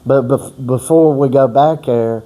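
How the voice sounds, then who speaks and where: Slow, mellow-voiced man telling a long story. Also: mid-range voice, a little hiss or hum. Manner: rambling, profane, folksy talk with many restarts; acts out others' words in shifted voices. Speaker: storyteller on a boxing workout channel. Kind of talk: casual rambling storytelling.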